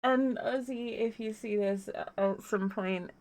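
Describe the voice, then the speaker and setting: A young woman streaming live, giggly and tearful, talking softly and slowly. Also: on the high side. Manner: giggly, emotional, talks softly.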